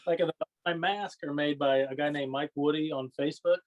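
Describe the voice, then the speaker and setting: A man's voice: on the high side, fairly even intonation, fairly quick, highs cut off. A man guesting on a podcast, rambling through stories in casual chat, often adding "you know what I mean" and laughing. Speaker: podcast guest, wrestling fan.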